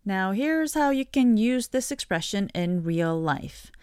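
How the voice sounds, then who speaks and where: A woman hosting a radio language lesson, explaining an expression in a clear teaching tone. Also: mid-range voice, animated, unhurried, noisy background.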